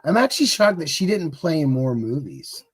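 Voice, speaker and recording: A man's voice: on the high side, big pitch swings, moderate pace, breathy edge. Laid-back man swearing through movie chat. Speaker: co-host. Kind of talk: casual movie commentary on a live stream.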